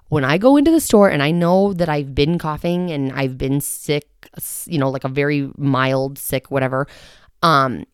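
Low-voiced woman rambling on her own podcast, a bit short of breath, dry close sound. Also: no echo. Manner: rambling, chatty, self-mocking. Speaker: podcast host. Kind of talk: casual solo podcast chat. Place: quiet home in the early morning.

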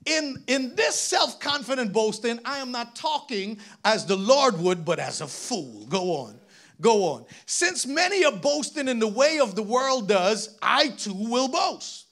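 A man preaching a sermon, reading scripture aloud and urging the congregation on, building to shouts. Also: very high voice. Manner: reads scripture aloud, asks congregation to read on, rising to shouts.

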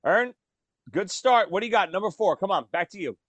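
A man co-hosting a podcast, talking about movies in a casual, animated storytelling way. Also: sits high, a little fast, no room sound, lo-fi sound. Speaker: podcast co-host.

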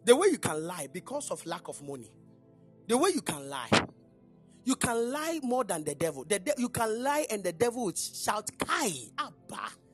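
A woman's voice: medium pitch, big pitch swings, moderate pace, soft background music. A woman preacher delivering a sermon in church, emphatic and questioning the congregation.

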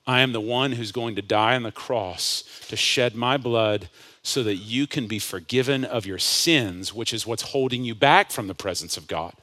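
A male pastor preaching a sermon, climbing to loud impassioned peaks and dropping to hushed lines. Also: fairly low pitch, unhurried. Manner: builds to loud impassioned peaks, then drops to hushed asides.

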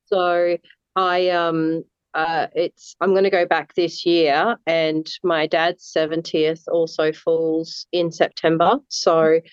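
A woman with an Australian accent speaks slowly and haltingly in a casual interview. Her voice is smooth and fairly low. The sound is dry and a little dull. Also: flat delivery, no echo. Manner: halting, with many fillers and restarts. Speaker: guest, marathon runner.

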